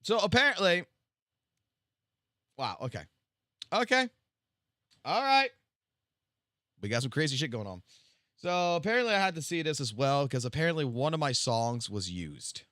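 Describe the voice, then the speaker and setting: A man's voice: medium pitch, very animated, moderate pace, bright, forceful tone, no room sound, studio quality. Swearing, rambling male streamer. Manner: profane, rambling, stammers on restarts. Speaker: livestreamer. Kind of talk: casual livestream commentary.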